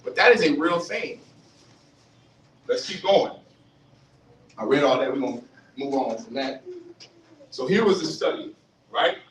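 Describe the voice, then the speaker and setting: A man giving a fiery street-style religious lecture, animated, questioning the audience and acting out voices. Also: on the high side, unhurried, long pauses. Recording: roomy, distant mic, faint hiss.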